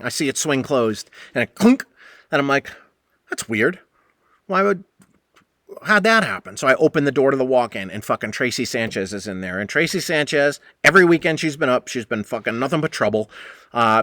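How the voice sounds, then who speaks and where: A man's voice: mid-range voice, bright, forceful tone, dry recording, clean studio sound. A man hosting a podcast, telling a long rambling story in a casual, profane way and acting out the exchanges he quotes. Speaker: podcast host.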